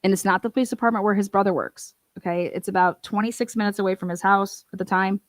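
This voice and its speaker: A woman's voice: medium pitch, steady tone, quick pace, dry recording. A woman hosting a casual commentary stream, talking emphatically and indignantly with many asides and fillers into a computer mic. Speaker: true-crime advocate host.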